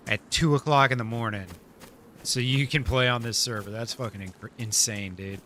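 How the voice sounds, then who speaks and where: A man's voice: mid-range voice, bright, forceful tone, slight background noise. A man live-streaming a survival game, chatting casually with his viewers, laid-back, laughing often and swearing freely.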